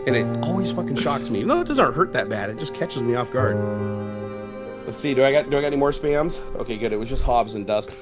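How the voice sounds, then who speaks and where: A man's voice: medium pitch, lively intonation, fast talker, over loud music. A middle-aged man on a casual livestream, telling stories in a loose, profane way and laughing often. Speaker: streamer co-host.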